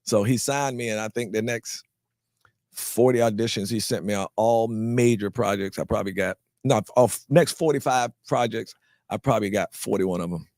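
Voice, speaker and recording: A North Carolina actor, appearing as an interview guest, recounts his life story in a lowish voice at normal speed. He's animated, acting out the people he quotes and often repeating words as he restarts, all captured in clean studio sound with no echo.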